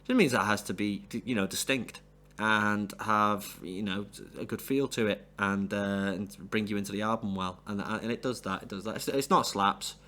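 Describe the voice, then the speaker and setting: Guy rambling through an album review, lowish voice, lots of uhs and restarts. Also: fairly even intonation, normal speed, bright, forceful tone. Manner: rambling, full of fillers and restarts. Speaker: music reviewer. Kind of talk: casual solo album review.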